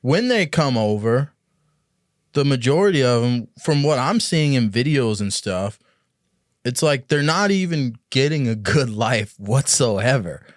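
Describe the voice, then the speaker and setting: A man's voice: medium pitch, lively intonation, unhurried, no room sound. Man hosting, rambling questions, dry sound. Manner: asks long, rambling questions. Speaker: podcast host. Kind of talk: casual podcast chat.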